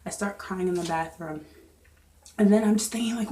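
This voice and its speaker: A young woman vlogger chatting through a storytime in an animated, lively way. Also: mid-range voice, moderate pace, long pauses. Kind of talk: storytime vlog. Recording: echoey room.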